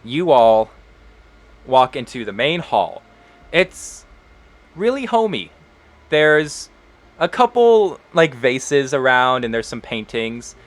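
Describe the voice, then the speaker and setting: A man's voice: mid-range voice, big pitch swings, slow, long pauses. A man narrating as game master of a tabletop role-playing game, casual, with frequent ums and uhs.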